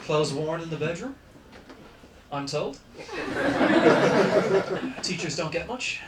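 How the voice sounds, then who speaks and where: A man's voice: a little high, lively intonation, slow pace. A young man with a posh South Dublin accent doing dry, self-mocking stand-up and crowd work in a comedy club. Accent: South Dublin Irish. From South County Dublin, Ireland. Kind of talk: stand-up set. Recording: echoey club from far off, noisy. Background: audience laughter.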